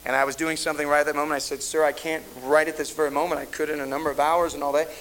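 A middle-aged male pastor preaches a storytelling sermon, rambling through anecdotes and restarting often. His voice is fairly high and fairly bright, level in tone, and he talks at a racing pace. The recording is low quality, with a little hiss or hum.

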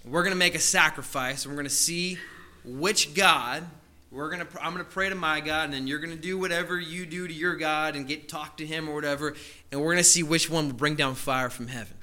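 A preacher acting out a brash, cocky prophet. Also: male voice, on the high side, a little fast, bright, forceful tone. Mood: challenging. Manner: taunting, brash and sure of himself. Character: bold, cocky male prophet challenging rivals.

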